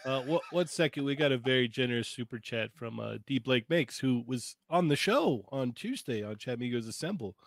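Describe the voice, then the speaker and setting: A man's voice: mid-range voice, expressive, a little fast, few pauses, no echo. A man co-hosting a casual live stream, reading viewer messages aloud in an easygoing way. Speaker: livestream co-host.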